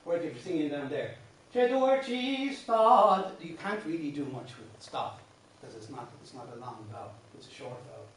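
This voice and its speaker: Brisk and fairly even in intonation, an Irish man with a darkish, mid-range voice teaches a song workshop. He patiently lays out verse patterns, restarting frequently and singing lines as he goes. The recording comes from a distant room mic in a very echoey classroom, his voice off-mic.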